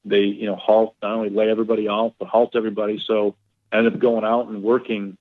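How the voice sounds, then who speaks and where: A low-pitched man telling rambling, animated stories, with plenty of ums and you-knows. His voice comes through a narrow, tinny phone line, as a podcast guest recalling his golf career. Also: fast talker. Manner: rambling, animated storyteller with many fillers. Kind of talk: casual storytelling interview.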